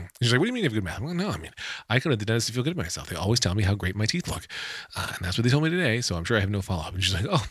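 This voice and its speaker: A middle-aged man tells everyday stories on his podcast in a rambling, wry way, amused by his own asides. He talks quickly in a lowish voice. The sound is close and dry, with no room echo. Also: fairly bright tone. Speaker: podcast host. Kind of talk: casual storytelling monologue.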